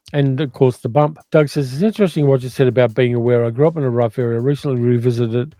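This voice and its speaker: An older man with an educated Australian accent hosts a relaxed livestream and talks easily between viewer comments. His voice is dark and mellow, recorded dry and close, with faint music underneath. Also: medium pitch, no room sound. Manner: chatty, reads viewer comments aloud and muses on them. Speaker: movie channel host reading live chat. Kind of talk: casual livestream chat.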